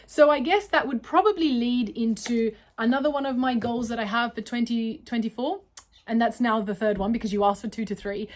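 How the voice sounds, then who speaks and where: Young aussie-born woman rambling through a q&a, slightly high voice, keeps correcting herself. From Australia. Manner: long-winded, rambling with self-corrections. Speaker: vlogger and poet. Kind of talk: casual Q&A chat.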